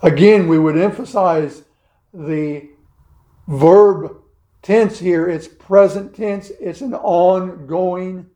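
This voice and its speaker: A man preaching a sermon in a slow, measured way, pausing heavily between emphatic phrases. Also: sits high, warm tone, echoey room.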